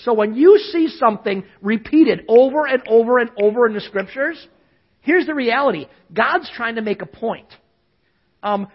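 A male pastor with a husky, slightly rough voice delivers a lively sermon, asking the congregation to say lines back to him. The recording sounds dull and lo-fi. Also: very high voice. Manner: lively preaching, calls on listeners to repeat after him.

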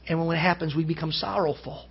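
A male pastor preaching a sermon to a congregation, his delivery rising to loud emphasis and dropping to hushed tones. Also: on the high side, fairly even intonation, quick pace, creaky, husky. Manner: earnest preaching that swells loud and drops to hushed. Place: church. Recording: dull lo-fi sound.

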